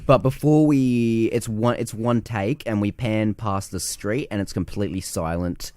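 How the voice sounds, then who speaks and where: A man co-hosting a casual film podcast, animated and swearing as he acts out movie scenes. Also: on the low side, measured pace, no echo. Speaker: podcast co-host.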